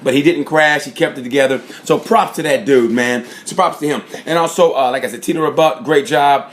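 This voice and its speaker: Casting: casual male fan, mid-pitched, rambling race-recap talker. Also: brisk, slight background noise. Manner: rambling, lots of fillers and "props". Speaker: motorsport fan reviewer. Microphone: phone or camera mic.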